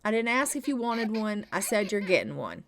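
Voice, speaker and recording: A woman's voice: mid-range voice, sing-song, brisk, slight background noise. A woman voicing a worn-out, firm but loving father in a life-sim game story. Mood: stern. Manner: stern, patient, parental. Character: tired, firm but loving young dad.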